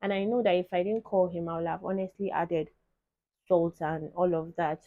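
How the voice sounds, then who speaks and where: A woman's voice: on the low side, steady tone, moderate pace, no room sound, phone-quality sound. A young woman, chatting animatedly to her viewers in a casual vlog. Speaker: vlogger. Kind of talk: casual chat to camera.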